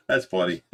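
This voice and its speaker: A man's voice: sits low, a bit bright. A man with a Midwestern American accent, co-hosting a fish rescue stream from home, chatting casually and rambling with restarts. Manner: rambling, restarts, laughs at himself. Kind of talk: casual livestream chat. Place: indoors at home.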